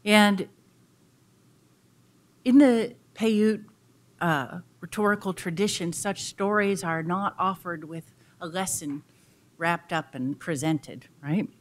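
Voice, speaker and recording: A woman lecturer tells a story in an expressive, dramatic way, her voice a little low in pitch. Her delivery slows and swells with the tale, speaking to a public audience.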